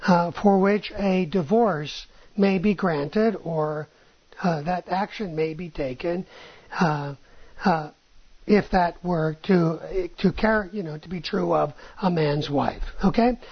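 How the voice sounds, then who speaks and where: Slow, husky-voiced woman teaching a class. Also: lowish voice. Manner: checks in often with "right?" and "okay?", uses rhetorical questions. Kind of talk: classroom lecture on rabbinic texts. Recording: dull lo-fi recording.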